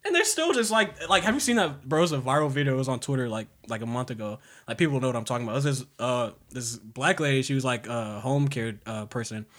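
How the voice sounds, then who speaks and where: A young man co-hosting a podcast, talking in animated, profane casual chat and quick to laugh. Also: medium pitch. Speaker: podcast co-host.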